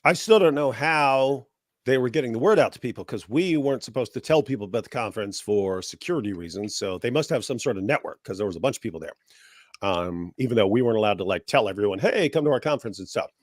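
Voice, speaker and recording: A man's voice: mid-range voice, expressive, quick pace, dry recording, clean studio sound. A man from the United States who has a cold, chatting casually as a guest in a sarcastic, mocking way. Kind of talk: casual chat.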